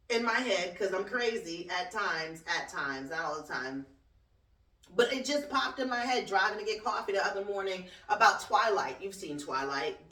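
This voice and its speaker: Woman host, blunt profane rants, sharp voice, set back in an echoey room. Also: mid-range voice. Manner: blunt, profane, sassy, laughs often. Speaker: podcast host and cleaning business owner. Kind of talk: casual solo talk-show rant. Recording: roomy echo, distant from the mic.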